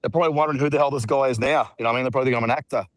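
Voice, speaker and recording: A man's voice: medium pitch, rapid-fire, no room sound, low-quality recording. A man with an Australian accent chatting laid-back and rambling on a video call while out walking. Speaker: regular guest. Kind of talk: casual video call chat. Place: outdoors, walking.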